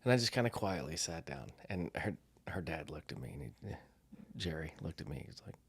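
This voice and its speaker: A man's voice: rumbling low, a little fast, vocal fry, husky. A middle-aged man from the United States, co-hosting a podcast and telling a story in casual chat, acting out the voices of the people in it. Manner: animated storyteller, acts out quotes. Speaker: podcast co-host.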